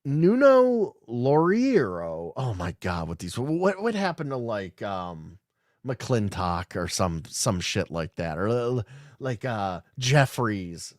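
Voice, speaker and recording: A man's voice: mid-range voice, big pitch swings, slow pace, no echo. Rambling sarcastic man, dry close mic. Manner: rambling, sarcastic, swears often. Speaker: podcast host. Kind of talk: casual live-stream commentary reading news aloud.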